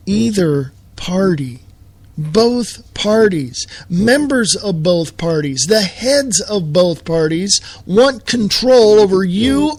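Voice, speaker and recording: A man's voice: high-pitched, no echo. A man hosting a live show, delivering a heated, sarcastic political rant full of rhetorical questions.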